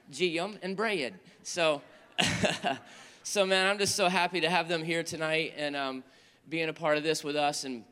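A man's voice: high voice, fairly bright tone. A man from North Carolina hosting a youth worship event, talking to a live crowd in a chatty, joking way full of restarts. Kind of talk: lively stage talk to a live crowd. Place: stage in a large venue. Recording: long reverb of a large hall.

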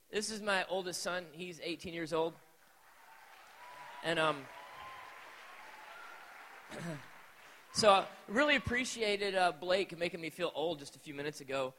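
A man in his forties telling a personal story as a sermon to a live youth audience, animated and talking straight to the crowd. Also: a little high. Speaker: preacher at a youth event. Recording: echoey hall.

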